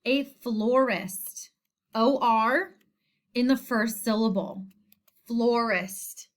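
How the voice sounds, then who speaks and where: A woman teacher giving a spelling lesson, speaking slowly and deliberately and repeating each word. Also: a little high. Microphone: screen recording voice-over.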